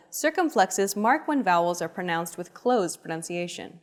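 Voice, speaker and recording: A woman narrates a language lesson and explains the rules in clear, even, scripted sentences. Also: fairly low pitch, moderate pace, soft background music.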